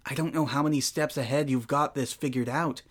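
An anxious, studious young female unicorn, voiced by a man, frets to herself in tense, clipped phrases. Her voice often jumps up in pitch as her exasperation builds. This is a fan audio drama monologue. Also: steady tone, a little fast, lightly acted. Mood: frustrated.

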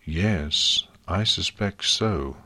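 A stern pony princess with a low, curt and harsh delivery, close to a deep-voiced reader's own tone, as a man puts her on. She speaks slowly in a dry, close storybook recording. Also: pushed and bright, no room sound, heavily acted. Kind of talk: audiobook fan fiction reading.

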